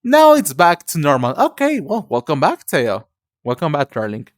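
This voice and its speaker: A Spanish-accented young man talks casually to his stream, tripping on words and addressing viewers as cutie and darling. His voice sits fairly high with wildly swooping pitch and a moderate pace. The recording is dry and clean, studio-like.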